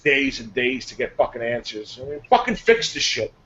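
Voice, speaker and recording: A man's voice: medium pitch, very animated, normal speed, muffled recording, crowd noise. A man ranting angrily and profanely on a chat show, venting hard. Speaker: show regular, clan player.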